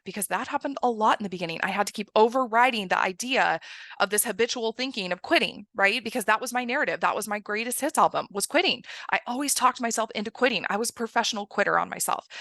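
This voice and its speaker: A woman's voice: mid-range voice, pushed and bright, dry recording. A woman giving an emphatic motivational coaching talk, often checking in with "right?". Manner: emphatic, keeps asking "right?". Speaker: success coach.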